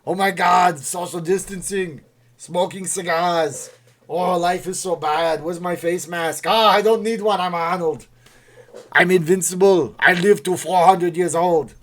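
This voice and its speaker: A man putting on a comic impression of a boastful action star with an exaggerated Austrian-German accent, loud and booming. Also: a little slow. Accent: mock Austrian-German.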